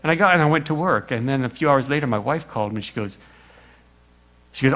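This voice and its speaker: A man's voice: medium pitch, lively intonation, fast talker, pauses often, fairly bright tone. A middle-aged man preaching a sermon, telling the story with little acted voices and rhetorical questions.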